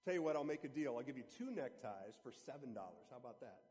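A man's voice: medium pitch, big pitch swings, quick pace, darkish tone, big-room sound, lightly acted. A man voicing a pushy male necktie peddler, wheedling and salesy.

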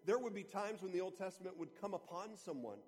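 A man's voice: high voice, expressive, fast talker, a little mellow, big-room sound. A male pastor preaching a sermon in an earnest, conversational storytelling manner.

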